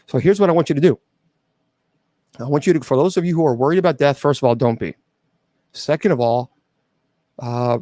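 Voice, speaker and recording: A man's voice: a little high, a little fast, pauses often, dark tone, no echo. A middle-aged man hosting a show, earnestly telling a personal story to his audience with frequent restarts and fillers. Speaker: host.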